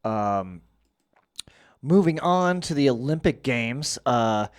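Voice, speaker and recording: A man's voice: mid-range voice, lively intonation, takes it slowly. A man hosting a podcast in casual banter, rambling and swearing with frequent restarts. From United States. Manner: profane, rambling with restarts and laughs. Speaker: podcast host.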